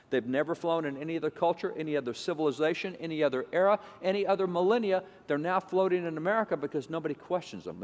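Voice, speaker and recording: Emphatic man lecturing in a hall. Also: fairly high pitch. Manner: emphatic, repetitive. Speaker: speaker.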